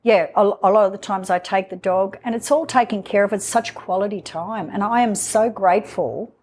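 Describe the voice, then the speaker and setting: A woman, a guest in her own home, telling a personal story in an emotional, halting way with many fillers. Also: mid-range voice, darkish tone, a little hiss or hum. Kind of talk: candid personal interview.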